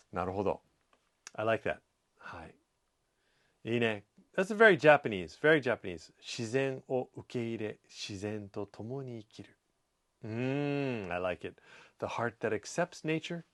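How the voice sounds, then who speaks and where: Relaxed man reading viewer comments. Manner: reads viewer comments aloud, relaxed and chatty; breaks into playful high scolding voices. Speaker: host. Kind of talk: casual livestream comment reading.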